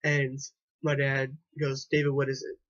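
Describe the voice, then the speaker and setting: A man's voice: mid-range voice, completely flat delivery, normal speed, a bit bright. Hesitant young man on a dull recording. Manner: rambling, hesitant, many restarts and repeats. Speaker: vlogger. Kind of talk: personal storytelling to camera.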